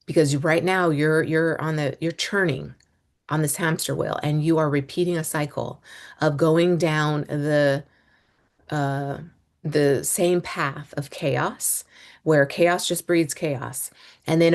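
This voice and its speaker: A woman in her thirties, a homeschooling mom and business coach, talking to listeners in a loose, rambling monologue with fillers and restarts. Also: low voice. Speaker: podcast host, business coach. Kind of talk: casual monologue.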